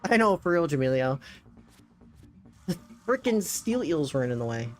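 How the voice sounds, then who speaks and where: A young man chatting excitedly while streaming a video game, with sudden jumps in pitch. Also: normal speed, soft background music. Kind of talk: casual gameplay commentary.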